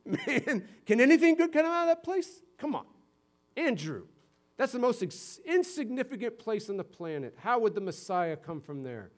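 A man's voice: extremely high pitch, very animated, moderate pace, pitched above the performer's own voice. A man preaching puts on the voice of a disbelieving young man who mocks a small town's worth. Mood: scoffing. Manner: mocking, disbelieving outburst. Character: scoffing, incredulous young man.

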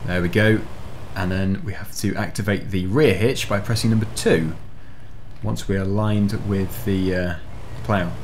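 A man's voice: low voice, fairly even intonation, measured pace, slight background noise. Chatty man narrating gameplay. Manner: chatty, explains controls step by step. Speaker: gaming video host. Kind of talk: casual gameplay commentary.

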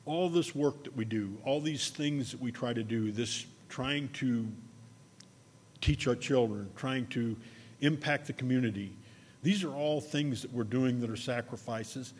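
A man preaching a sermon, telling a personal story in a conversational way and slowing down to stress key words. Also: mid-range voice, in a large hall. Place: church sanctuary.

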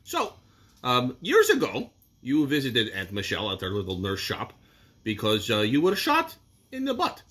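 A man's voice: mid-range voice, huge pitch swings, moderate pace, a bit bright, husky. A man rambling goofily as the interviewer in a comic birthday video, often trailing off into mumbles.

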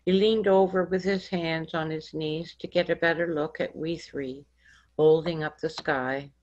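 A woman author reading her own story aloud in a slow, measured storybook manner. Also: low voice, steady tone, a little mellow, a little hiss or hum. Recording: dull lo-fi recording.

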